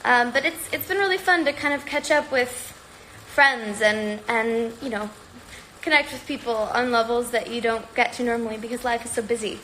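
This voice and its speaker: A woman's voice: fairly high pitch, steady tone, moderate pace, sharp tone, a little hiss or hum, low-quality recording. Chatty woman, slightly out of breath. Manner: chatty, rambling, upbeat. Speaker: livestream host. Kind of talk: casual livestream chat. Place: at home.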